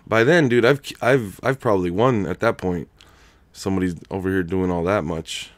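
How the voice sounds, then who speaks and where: Here a young man streams gameplay with casual, slangy commentary, bursting into loud laughs and reading out viewer donations with thanks. He speaks in a low pitch at a moderate pace, with no room sound.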